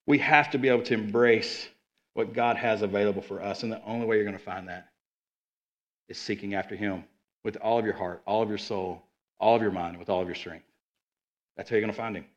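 A man's voice: lowish voice, steady tone, fairly quick. A man preaching a sermon in an earnest, conversational way, often repeating himself. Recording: dull lo-fi sound.

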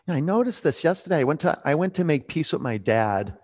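A man in his forties leading a yoga class, calm and reflective as he tells a personal story between pose cues. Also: fairly high pitch, fast talker. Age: 40s. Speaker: yoga instructor.

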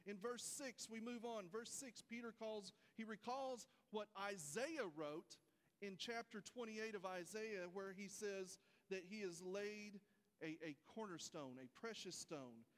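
A man's voice: high-pitched, a little slow, big-room sound. A man preaching a folksy sermon, speaking straight to his congregation. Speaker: pastor. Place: church sanctuary.

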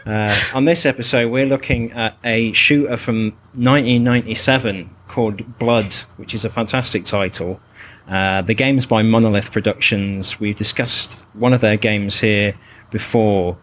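A man's voice: on the low side, steady tone, measured pace, fairly bright tone, a little hiss or hum. A man hosting a podcast in a casual, wry way. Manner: laughs easily, wry. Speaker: podcast host. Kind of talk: casual comedic podcast chat.

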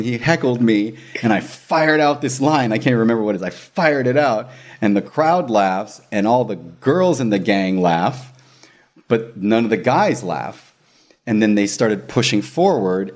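Brief: male magician spinning a story in casual chat, lively, laughs a lot, does quick voices. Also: fairly low pitch. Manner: animated, laughs often, acts out quoted voices.

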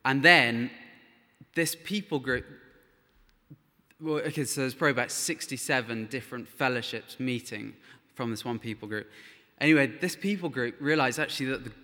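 A man's voice: medium pitch, moderate pace, pushed and bright, long reverb tail. A man telling missionary stories to a church gathering, earnest and chatty, with frequent fillers. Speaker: missionary speaker. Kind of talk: church testimony talk.

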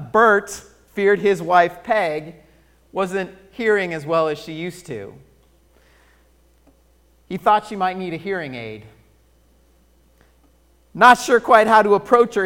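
A man preaching a sermon as pastor, telling a story and moving between loud emphasis and near-hushed delivery, drawing out key phrases. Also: high-pitched.

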